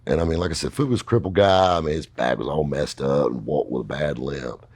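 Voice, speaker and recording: A man's voice: extremely low pitch, brisk, darkish tone, slightly rough, dry recording. A middle-aged man telling a long story casually, rambling and folksy, with lots of fillers. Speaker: podcast host telling a story.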